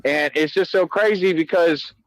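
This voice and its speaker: A man ranting slowly and boastfully, repeating himself and speaking in casual slang. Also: fairly high pitch, dry recording, poor audio. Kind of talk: boastful rant.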